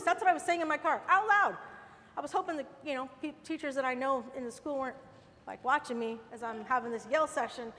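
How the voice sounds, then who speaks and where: Middle-aged woman preacher, very high voice, fervent and repetitive, long reverb. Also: fast, bright, forceful tone. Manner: fervent, repeats phrases with rising force. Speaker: women's Bible teacher. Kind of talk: sermon.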